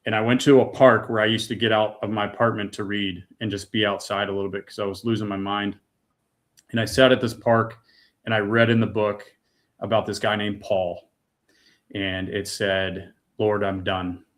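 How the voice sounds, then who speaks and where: A man's voice: lowish voice, little pitch movement, moderate pace. Earnest man telling a personal story. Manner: earnest, emotional storytelling with casual fillers like "dude" and "man". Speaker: guest. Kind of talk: personal testimony in a podcast interview.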